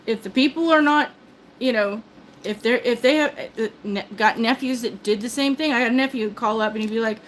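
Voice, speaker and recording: A woman's voice: on the high side, a little fast, slight background noise, poor audio. An older woman hosting a live stream, chatting casually and rambling with lots of restarts; she calls herself a big talker. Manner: chatty, self-described talker, many restarts.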